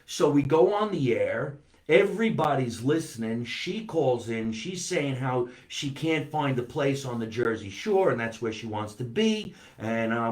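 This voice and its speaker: A man's voice: mid-range voice, very animated, measured pace, echoey room. A man, a comedian, hosting a casual live stream, chatting animatedly and reading out viewer comments. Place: home basement.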